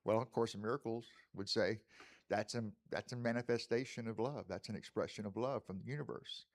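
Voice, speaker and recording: A man's voice: fairly low pitch, steady tone, fairly quick. A middle-aged man giving a conversational sermon as a spiritual teacher, folksy and often asking the congregation questions.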